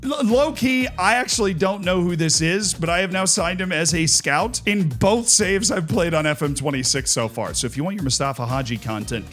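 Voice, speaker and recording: A man's voice: fairly high pitch, fairly bright tone. Sarcastic jokey male gaming commentator. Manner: sarcastic, jokey, exaggerated mock outrage. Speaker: gaming YouTuber reacting to memes. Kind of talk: casual comedic commentary.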